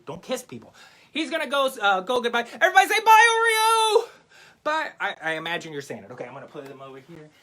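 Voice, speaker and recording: A man's voice: high voice, pushed and bright, slightly rough. A man performing a children's magic show for a library, goofy and playful, poking fun at himself and talking straight to the kids. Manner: goofy, playful, self-mocking, addresses kids directly.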